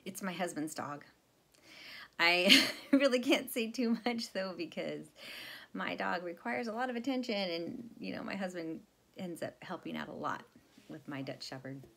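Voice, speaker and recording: A woman's voice: on the low side, lively intonation, moderate pace, gravelly, a bit bright. Chatty rambling woman vlogger. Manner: rambling, chatty, laughs often, self-deprecating. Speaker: FlossTube vlogger. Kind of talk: casual chat to camera.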